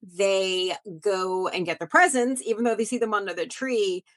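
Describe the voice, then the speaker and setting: A woman's voice: medium pitch, moderate pace, fairly bright tone. A woman in a casual podcast chat, speaking earnestly and devoutly.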